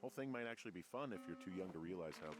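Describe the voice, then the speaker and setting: A man's voice: deep voice, expressive, rapid-fire. An actor playing an earnest, somewhat awkward man working as a fire lookout in a video game, with music playing behind.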